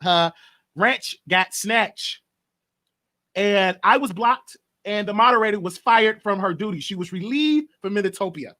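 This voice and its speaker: A man's voice: sits high, lively intonation, unhurried, sharp tone. A man hosting his own gossip show, rambling and repeating himself as he recaps what he overheard for his viewers. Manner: reports overheard talk to viewers. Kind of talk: casual gossip commentary.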